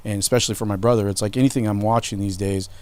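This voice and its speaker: A man's voice: lowish voice, fairly even intonation, rapid-fire, darkish tone, smooth. A middle-aged man hosting a podcast, telling candid, emotional family memories in casual talk and swearing freely. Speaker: podcast host. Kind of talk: casual storytelling.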